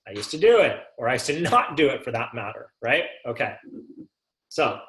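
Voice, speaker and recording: A man's voice: mid-range voice, sing-song, normal speed, a bit bright. A man leading a sales coaching call, asking rhetorical questions and checking in with his listeners. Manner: rhetorical, keeps asking "right?". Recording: echoey room.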